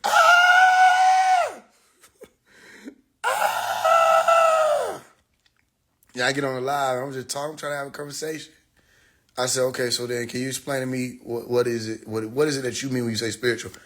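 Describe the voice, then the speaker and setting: A man's voice: mid-range voice, quick pace. A young man, talking casually on a phone livestream and animatedly acting out the people in his stories. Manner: animated storytelling, acts out quoted people, laughs. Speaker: live stream host.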